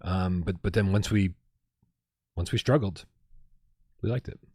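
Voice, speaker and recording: A man co-hosting a casual livestream chat, talking with excitable energy and swearing freely. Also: low voice, a little slow, husky, no echo, clean studio sound. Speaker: podcast co-host.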